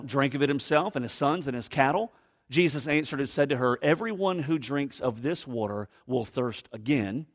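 A man preaches a sermon with a fairly high voice for a man. He reads verses aloud and explains them, pressing hard on key words and then dropping to a hushed tone. He acts out the people he quotes. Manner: expressive, acts out quoted voices, swings from loud emphasis to hushed tones. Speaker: pastor.

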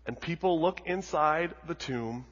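A husky-voiced male pastor preaching in a church, repeating phrases for emphasis and swinging from near-whispers to loud calls. His voice carries a long hall reverb. The audio is somewhat dull. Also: on the high side, measured pace. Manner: dramatic storytelling with heavy repetition, swinging from hushed to loud. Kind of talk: sermon.

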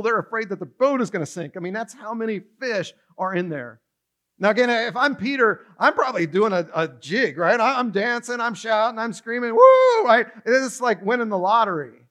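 A man preaching a sermon from a stage, lively and acting out the story, with some stammered restarts. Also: sits high. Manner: animated, acts out dialogue, some stammering restarts. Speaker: pastor. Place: church stage.

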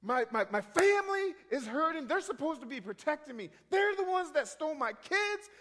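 A man voicing a distraught young woman who prays in a high, pleading, tearful voice. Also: very animated, normal speed, a bit bright, big-room sound, full character voice. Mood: desperate prayer.

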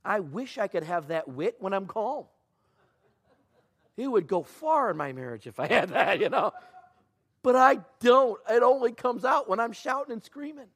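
A male pastor preaching a sermon, fairly high-voiced for a man. He tells stories and acts out the quotes, dropping to a hush for serious lines and jumping high and loud for funny ones. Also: lively intonation, normal speed. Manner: storytelling with acted-out quotes, swinging from hushed to loud.

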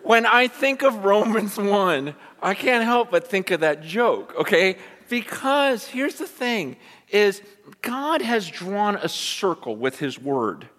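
A male pastor preaching a sermon in a church, self-deprecating and animated, often repeating words as he goes. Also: high-pitched, slow pace. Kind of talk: sermon with a joke. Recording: long church reverb.

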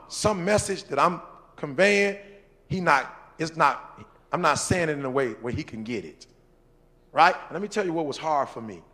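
A man with a gravelly, slightly high voice gives an informal church talk. He repeats his lines for emphasis and speaks straight to the men in the audience, with laughs between his points. His tone stays loose and conversational, as in a discussion with questions from the floor. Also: fairly bright tone. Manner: talks to men in the audience directly.

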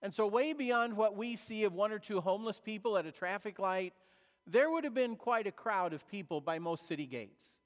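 A man preaching a sermon as a pastor, retelling a story in a conversational way with dramatic pauses. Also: high voice. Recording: long reverb of a large hall.

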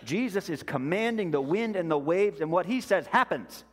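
A male pastor preaching a sermon in a slow, deliberate way, letting his voice drop softly on key words. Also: sits high, expressive, in a large hall.

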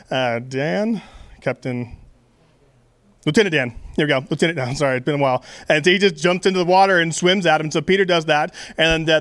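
A man's voice: on the high side, a bit bright, smooth, dry recording. Casual, playful man preaching. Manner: conversational, playful, frequent fillers and asides. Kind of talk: casual sermon.

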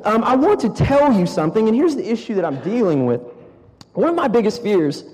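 Young male preacher, high voice, animated self-mocking storyteller, long hall reverb. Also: brisk. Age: young adult. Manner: animated, self-mocking storyteller who keeps asking "okay?". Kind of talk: storytelling sermon.

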